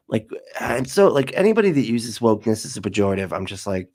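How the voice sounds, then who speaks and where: Creaky-voiced sarcastic man. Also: fairly low pitch, sing-song, fast, few pauses, darkish tone. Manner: sarcastic, profane, laughs often. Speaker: commentary host. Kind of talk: casual reaction commentary.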